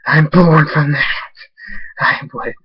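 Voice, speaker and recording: A man voicing a cruel vengeful male darkness creature, speaking slowly and menacingly with a husky voice, at times in a hissed whisper. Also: medium pitch, level tone. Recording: dull dry lo-fi recording.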